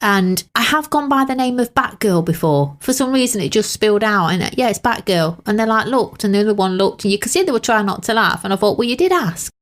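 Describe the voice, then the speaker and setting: A woman's voice: mid-range voice, expressive, fast talker, few pauses. A woman co-hosting a casual chat podcast, telling cheeky stories and laughing often. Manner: giggly, storytelling, cheeky. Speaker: podcast co-host.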